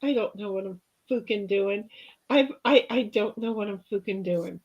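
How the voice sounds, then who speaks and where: A woman's voice: medium pitch, moderate pace, highs cut off. A woman co-hosting a casual livestream, reading chat messages aloud and chatting in a rambling, laughing way. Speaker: livestream co-host. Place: home office in a garage.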